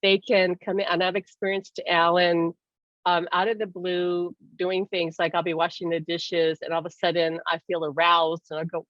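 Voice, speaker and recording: A woman's voice: medium pitch, measured pace, long pauses, fairly bright tone, no echo. Chatty woman with a dull, dry sound. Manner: chatty, laughs often, acts out quoted voices. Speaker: host. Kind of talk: casual spiritual talk.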